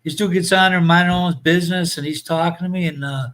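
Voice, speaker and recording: A man's voice: sits high, steady tone, quick pace, fairly bright tone, a little hiss or hum, low-quality recording. A man hosting a casual show, rambling through profane anecdotes full of fillers.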